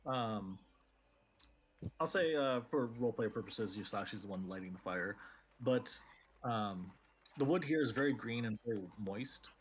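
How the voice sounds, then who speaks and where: A man's voice: fairly low pitch, expressive, unhurried, a little hiss or hum. A man narrating as game master of a tabletop game, talking hesitantly with many fillers.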